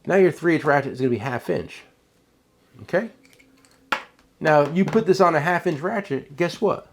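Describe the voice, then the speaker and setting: A man's voice: on the high side, lively intonation, moderate pace, background noise. A man with a New Jersey accent hosting a casual tool show, rambling and joking with his cohost. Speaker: tool shop owner and show host. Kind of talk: casual product chat.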